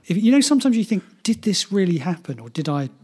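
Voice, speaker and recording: A man's voice: high voice, big pitch swings, fast talker, a little mellow, breathy edge. A man in casual chat, telling a rambling anecdote with laughs and restarts as a podcast co-host.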